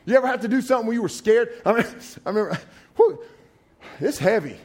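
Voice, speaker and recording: A man's voice: very high voice, normal speed, pauses often. A man preaching a sermon, telling folksy personal stories with frequent laughter. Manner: animated storyteller, laughs often, folksy asides.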